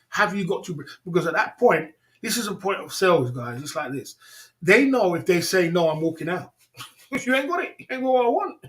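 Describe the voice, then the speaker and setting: A man hosting a casual livestream, telling a story in an animated, repetitive way, laughing often and calling his listeners bro and man. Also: a little high. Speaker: livestream host.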